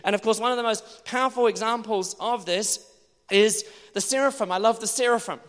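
A male preacher giving an animated sermon, now and then bursting into loud exclamations. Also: sits high, fairly quick. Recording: long hall reverb.

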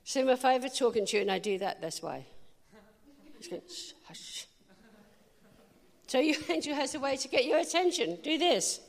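A woman preacher giving a sermon, telling lively stories and speaking directly to the congregation. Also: high voice, vocal fry, long reverb tail. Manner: lively storytelling, quick asides to the audience. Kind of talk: sermon with anecdotes.

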